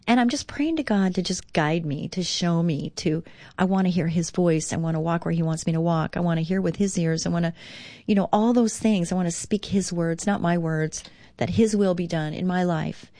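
This radio host, a middle-aged woman, leads a devotional talk show, and her earnest, encouraging readings and reflections rise when she stresses a point. She speaks at a normal speed in a lowish, dark voice with no echo.

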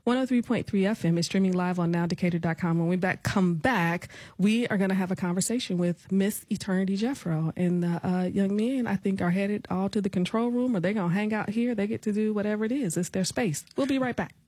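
A middle-aged woman hosting a radio talk show, encouraging and quick to laugh, in a studio. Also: medium pitch, no echo. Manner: warm, encouraging, laughs often.

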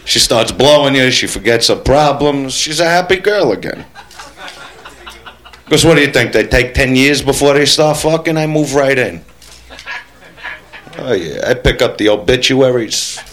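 A man's voice: mid-range voice, lively intonation, normal speed, pauses often, fairly bright tone. A man doing a stand-up routine, brash and crude, teasing the crowd. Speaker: stand-up comedian.

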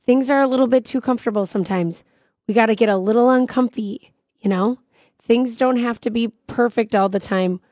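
A woman, co-hosting a talk show and telling stories in animated, casual chat. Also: on the high side, a little fast, no room sound, muffled recording. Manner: chatty, animated storytelling. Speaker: radio show co-host.

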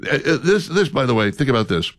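A man's voice: medium pitch, very animated, fast, fairly bright tone, dry recording, clean studio sound. A man co-hosting a casual political chat, joking and rambling with mock-pleading asides. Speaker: co-host.

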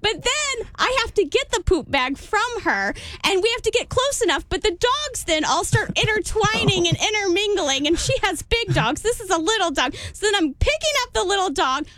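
A woman telling a story in casual chat. She is animated, acts out the quotes and laughs often. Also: very high-pitched, moderate pace, few pauses.

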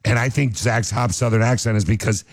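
A man's voice: on the low side, steady tone, brisk, no echo, clean studio sound. A man co-hosting a radio show, joking around in playful banter. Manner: playful, jokey, slips into put-on voices.

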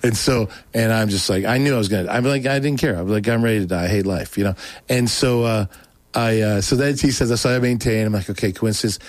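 A man's voice: lowish voice, brisk, no room sound. A man as a guest telling a long personal testimony story, rambling, restarting, and acting out quotes.

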